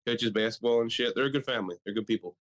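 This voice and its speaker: A man's voice: mid-range voice, rapid-fire. Young male co-host, loose and profane, joking chat. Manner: profane, animated, jokey. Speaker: podcast co-host. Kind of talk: casual chat.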